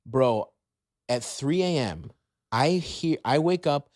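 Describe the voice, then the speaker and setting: A male comedian guesting on a podcast, telling a self-deprecating story in rapid bursts, laughing at himself. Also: mid-range voice, lively intonation, darkish tone, no room sound, studio quality. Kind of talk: comic storytelling.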